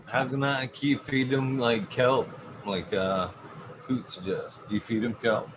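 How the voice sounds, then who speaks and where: A man with an average-pitched voice cracks jokes and fires off questions in a casual chat. Faint noise hums behind him. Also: steady tone, unhurried. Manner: wisecracking, questioning.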